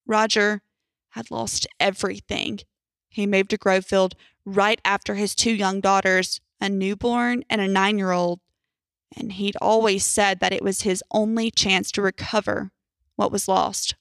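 Young woman, horror story narration, tense, measured, dry close mic. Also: medium pitch, flat delivery, gravelly, a bit bright, no room sound.

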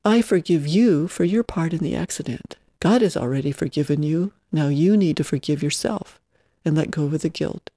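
Reader doing a gentle ranch mom, soft dark tone, dry close sound. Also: medium pitch, moderate pace, no echo, close to an everyday voice. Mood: tender. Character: warm earnest widowed mother running a family ranch.

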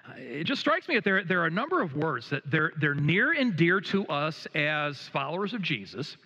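A middle-aged man preaching a sermon as a pastor, telling a gently humorous story with many hesitations and restarts. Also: a little high, very animated, normal speed, big-room sound, dull audio. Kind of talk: sermon with personal anecdote. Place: church sanctuary.

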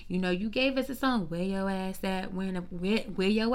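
A woman ranting about celebrity gossip in a sassy, profane monologue. She talks straight to her listeners, firing off rhetorical questions and call-outs. Her voice sits at an ordinary middle pitch. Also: moderate pace, clean tone. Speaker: commentator. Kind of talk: casual celebrity gossip rant.

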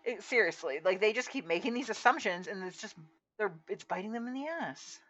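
A woman's voice: medium pitch, animated, brisk, a bit bright. A woman co-hosting a podcast in casual chat, easygoing with wry, sarcastic asides. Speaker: podcast co-host. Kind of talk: casual chat recapping a reality show. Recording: slightly dull lo-fi audio.

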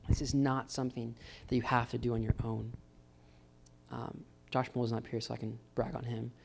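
Speaking at a moderate pace, a man delivers a casual, encouraging sermon at a church gathering, faint guitar in the background and a little noise in the audio. His mid-range voice is level, gravelly, and a bit mellow. He talks informally and calls everyone "guys" over and over.

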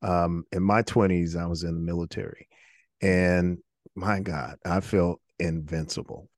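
A man's voice: deep voice, steady tone, a little slow, no room sound, clean studio sound. A middle-aged man hosting a faith-based interview podcast, talking earnestly and often repeating words as he restarts. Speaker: podcast host.

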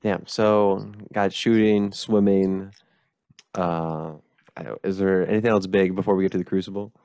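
Low-voiced male host, dry close mic, quick teasing questions. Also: steady tone, a little mellow, clear, resonant tone, no echo. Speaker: podcast host. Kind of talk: casual interview chat.

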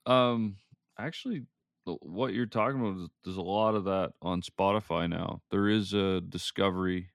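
A man with a very low voice, gravelly yet smooth, chats casually as a podcast co-host. He hedges and trails off, with a dry, close sound. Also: steady tone, normal speed, no echo. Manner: hesitant, trailing off, laughs often. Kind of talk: casual chat.

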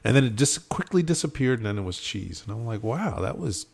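A man's voice: mid-range voice, lively intonation, fast, vocal fry. A man on a casual podcast, telling a story animatedly with lots of fillers and acted-out quotes. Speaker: podcast host. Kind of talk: casual chat.

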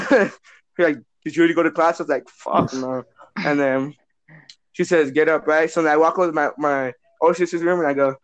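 A young man telling a profane, animated story to his friends in casual chat. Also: a little high, no room sound, lo-fi sound.

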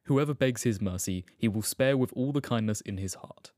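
A man's voice: medium pitch, moderate pace, a little mellow, dry recording, studio quality, close to an everyday voice. A man voicing the commanding king of the gods, issuing orders in a dramatic audiobook reading. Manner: commanding, declamatory.

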